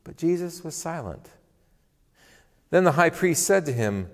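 A man reading scripture in a worship service, expressive and deliberate. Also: fairly high pitch, in a large hall. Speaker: lay reader. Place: church.

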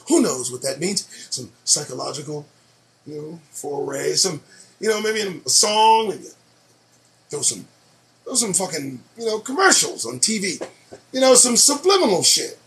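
Male solo host, high and expressive voice, profane and sarcastic running commentary on news items. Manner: profane, sarcastic and animated, reacting to headlines. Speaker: show host.

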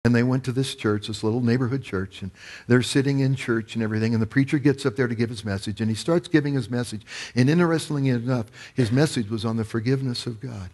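A male pastor preaching a sermon, telling a story and rising to loud, emphatic peaks. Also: mid-range voice, fast.

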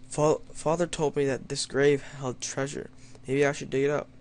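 A man's voice: mid-range voice, little pitch movement, moderate pace, darkish tone, a little hiss or hum. A young man doing let's play commentary, reading story lines in a mock-dramatic tone and joking wryly at himself. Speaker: gamer playing an adventure map.

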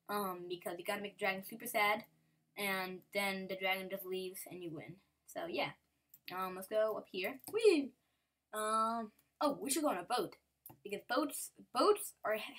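A woman chats loosely over her gameplay in an easy, mid-pitched voice. She rambles and giggles as she goes. Now and then she slips into playful sing-song asides. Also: normal speed, fairly bright tone. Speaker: gameplay commentator. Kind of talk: casual game commentary.

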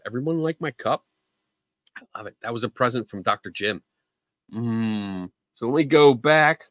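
A man's voice: mid-range voice, pushed and bright, dry recording. A man hosting a live call-in show, chatting casually in a joking, self-deprecating way. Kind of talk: casual livestream chat.

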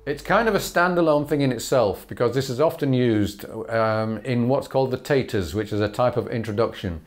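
A man in the middle of his pitch range gives a relaxed fiddle lesson, talking through bowing patterns in a loose, unscripted way with fillers and small chuckles. A fiddle plays faintly in the recording. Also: brisk, soft background music. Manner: relaxed, explanatory, chuckles and fillers, counts bows aloud. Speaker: fiddle teacher. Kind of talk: instructional lesson.

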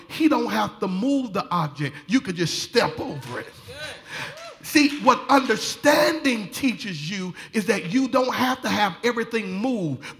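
High-voiced preacher building to shouts. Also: male voice. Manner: folksy, building to shouted fervor, laughing often. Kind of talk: sermon. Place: church sanctuary.

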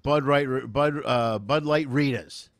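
A man's voice: mid-range voice, takes it slowly, dry recording. A male host in casual chat, mumbling to himself as he sets up a clip.

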